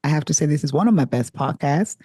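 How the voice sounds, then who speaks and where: A woman's voice: sits low, lively intonation, fast, mellow, husky, no room sound, studio quality. A woman hosting a podcast interview, speaking enthusiastically with effusive praise for her guest. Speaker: podcast host.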